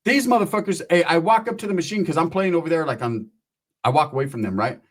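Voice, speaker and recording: A man telling a profane comic anecdote in an animated way, often tossing in a quick question to the listener. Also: on the high side. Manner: profane, animated, keeps asking "right?". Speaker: storyteller.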